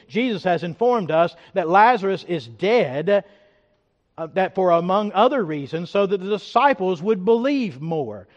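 A man preaching a sermon as pastor, emphatic, swinging from loud declarations to hushed reflection. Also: high-pitched, big-room sound, highs cut off.

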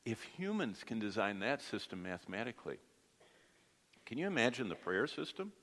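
Low-voiced man teaching Bible class. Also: big pitch swings, moderate pace, fairly bright tone, big-room sound. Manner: explains with everyday comparisons, asks the class questions. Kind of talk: Bible study lesson.

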